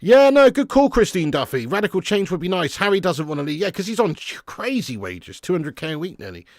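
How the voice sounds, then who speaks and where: A man streaming a live football watch-along, reading viewer comments casually, then swearing and shouting at the match as it unfolds. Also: on the high side, big pitch swings, fast talker.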